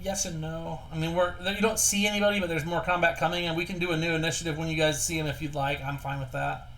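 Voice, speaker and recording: A man's voice: on the high side, steady tone, fast, fairly bright tone, low-quality recording. A man running a tabletop game as game master, talking in an easygoing, jokey way.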